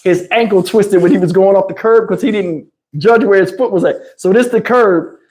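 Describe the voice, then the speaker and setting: A man hosting a livestream, telling a story in an animated, profane, casual way and laughing along. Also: high-pitched, normal speed. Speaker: channel host.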